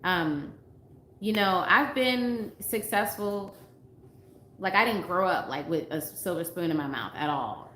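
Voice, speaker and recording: A woman's voice: on the low side, animated, unhurried, a bit bright. Earnest woman dating coach, roomy sound. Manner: earnest, emphatic, repeats herself, reads viewer comments aloud. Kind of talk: casual livestream talk to viewers. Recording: roomy with faint background noise.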